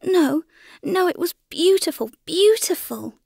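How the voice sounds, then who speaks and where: A woman's voice: very high-pitched, animated, a little slow, vocal fry, darkish tone, no echo, clean studio sound, pitched above the performer's own voice, full character voice. A woman voicing a frightened, homesick little girl in an audiobook, speaking small, trembling and earnest. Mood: timid, tearful. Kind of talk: audiobook character reading.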